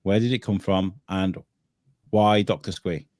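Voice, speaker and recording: A man's voice: low voice, steady tone, measured pace, darkish tone, no room sound, clean studio sound. A man hosting a podcast livestream, upbeat and playful like a quiz-master. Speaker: podcast host. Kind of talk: casual livestream chat.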